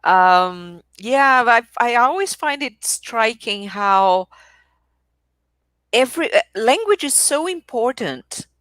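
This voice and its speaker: A woman's voice: a little high, expressive, slow pace, fairly bright tone, no echo. A woman moderating an online webinar, speaking hesitantly over a video call. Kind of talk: casual remarks.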